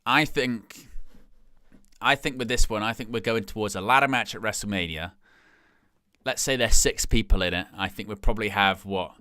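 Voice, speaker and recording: A man's voice: fairly low pitch, normal speed, bright, forceful tone, clean tone, no echo, studio quality. A man hosting a live stream, giving casual watch-along commentary and thinking aloud as he talks.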